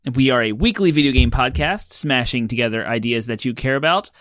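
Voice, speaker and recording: A man's voice: mid-range voice, brisk, fairly bright tone, no echo, studio quality. A man co-hosting a gaming podcast, chatty and upbeat as he runs through the week's news. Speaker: podcast co-host. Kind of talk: casual chat.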